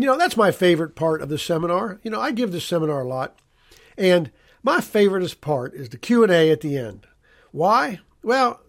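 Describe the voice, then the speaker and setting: A man hosting a local radio talk show as an estate lawyer, folksy and conversational, repeating points for emphasis. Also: high voice.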